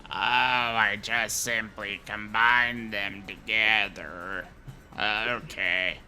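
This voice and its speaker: A man with a low, sharp, tense tone who speaks very slowly, talking himself through each step of a game. Faint music sits under his voice. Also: level tone. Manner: narrating his own steps aloud. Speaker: game player. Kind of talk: casual gameplay commentary.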